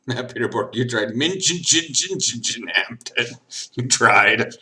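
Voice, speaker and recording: A man's voice: mid-range voice, expressive, unhurried, sharp tone. A man chatting casually while he plays games on a stream. He is tipsy, rambles, jokes and giggles as he goes. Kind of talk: casual chat while gaming.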